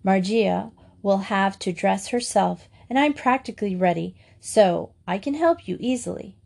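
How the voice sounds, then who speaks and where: A woman's voice: medium pitch, unhurried, gravelly, a little mellow. A woman voicing a firm, sensible older schoolgirl.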